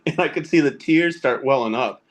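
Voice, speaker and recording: At normal speed and medium pitch, a man in his thirties shares relaxed stories on a podcast about raising kids and gaming. He often breaks into laughter while talking.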